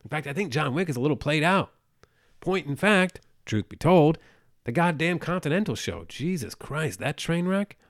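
A man's voice: fairly high pitch, lively intonation, normal speed, no room sound. Man, solo podcast host, crude rambling rants, sarcastic, dry close sound. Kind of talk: solo casual podcast rant.

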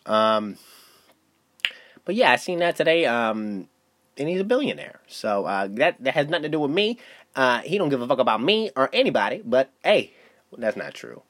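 A man's voice: medium pitch, sing-song, normal speed, a bit bright. A young man hosting a solo podcast, telling stories loosely with lots of swearing and fillers. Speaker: podcast host. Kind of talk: casual solo podcast monologue.

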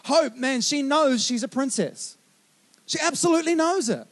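A man preaching a sermon with fervent, repeated calls of "come on", swinging between loud urgent bursts and quiet slow lines. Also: very high voice, lively intonation.

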